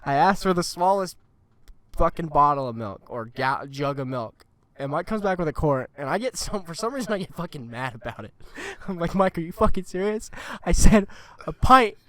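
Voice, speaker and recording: A man's voice: a little high, normal speed, no room sound. A young man co-hosting a casual podcast, telling a story with lots of swearing. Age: young adult. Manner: profane, animated storyteller. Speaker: podcast co-host.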